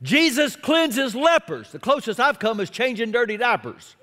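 A middle-aged man preaching a sermon as pastor, expressive, with self-deprecating humor. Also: extremely high pitch, moderate pace, in a large hall.

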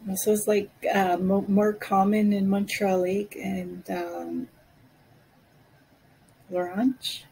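A woman giving a language lesson, saying each phrase slowly and repeating it for learners. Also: mid-range voice, flat delivery, gravelly, dark tone, slight background noise, poor audio. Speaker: Cree language teacher.

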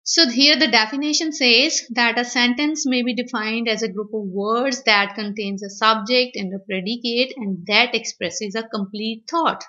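A woman's voice: on the high side, fairly even intonation, normal speed, few pauses, bright, forceful tone. A woman teaching a grammar lecture, explaining step by step and repeating her points. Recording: dull lo-fi recording.

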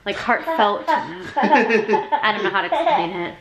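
A young woman chats emotionally in a nighttime vlog from home, near tears and saying "like" a lot. Her voice is slightly high with wide pitch swings and a slow pace. The poor-quality audio carries heavy noise from a crowd behind her.

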